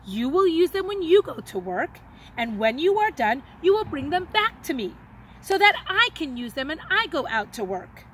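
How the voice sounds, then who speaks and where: A woman voicing a kindly, thoughtful young male shoemaker in a gentle, earnest tone. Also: high-pitched, big pitch swings, moderate pace, slight background noise.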